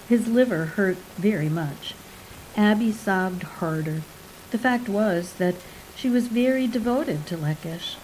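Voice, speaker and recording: A woman narrating a short story in an even, measured voice. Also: medium pitch, a little hiss or hum, low-quality recording. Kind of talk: audiobook narration.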